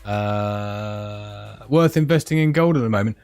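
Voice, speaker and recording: A man's voice: fairly low pitch, measured pace, darkish tone, clear, resonant tone, no room sound, soft background music. A man hosting a live stream, chatting casually and rambling, often losing his thread mid-sentence. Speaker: livestream host.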